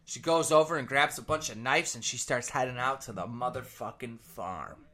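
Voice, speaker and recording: A man commentator telling a rambling, profane comic story with animated energy. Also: medium pitch, normal speed, hardly any pauses.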